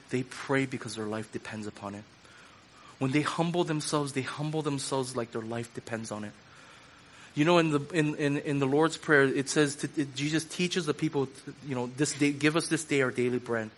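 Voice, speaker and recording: A man's voice: mid-range voice, normal speed, slight background noise. A man preaching a sermon in a loose conversational way, repeating phrases for emphasis and using casual fillers. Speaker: pastor.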